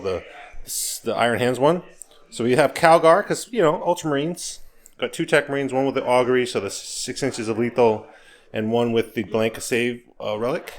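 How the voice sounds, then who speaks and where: Upbeat man hosting a game report. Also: mid-range voice. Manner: casual, upbeat, explains army list in quick rundown. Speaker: host. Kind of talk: casual battle report talk.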